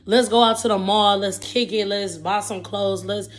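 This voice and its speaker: A woman's voice: fairly even intonation, moderate pace. A woman in her twenties telling a rambling story in a casual vlog, full of fillers, eating between sentences. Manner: chatty and rambling, with many fillers like "okay, boom". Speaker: vlogger.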